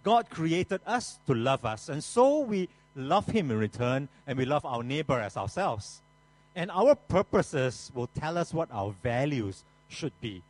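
A man's voice: on the high side, very animated, a little slow, rough recording. A male pastor preaching a sermon in a slightly raised voice that swings widely up and down. He keeps a folksy tone and turns often to the congregation with joking asides.

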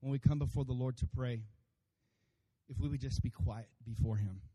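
A pastor preaching a sermon to his congregation, animated and playful, acting out voices and calling for amens. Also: medium pitch, normal speed. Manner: animated, acts out funny voices for God and congregants; addresses congregation by name, calls for amens.

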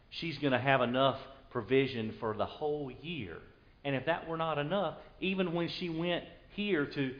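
A man's voice: mid-range voice, muffled recording. A male pastor preaching a conversational sermon and retelling scripture in an everyday voice.

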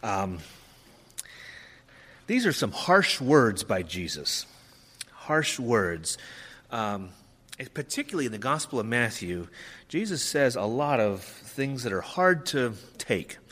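Pastor preaching in a reverberant hall. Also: male voice, medium pitch, big pitch swings, takes it slowly, long pauses, fairly bright tone. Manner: conversational, many ums, acts out quoted lines. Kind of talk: sermon. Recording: long reverb of a large hall.

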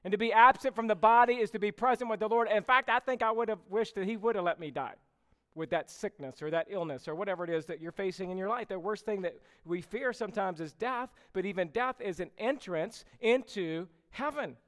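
High, clear-voiced preacher in a reverberant hall. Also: male voice, fairly bright tone. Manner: emphatic preaching, slowing on key phrases. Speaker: pastor. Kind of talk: sermon.

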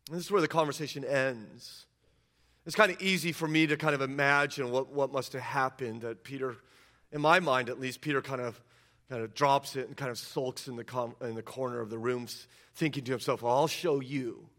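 A man's voice: mid-range voice, fairly even intonation, a little fast, pushed and bright. A male pastor preaching a sermon, retelling scripture scenes emphatically and acting out the quotes.

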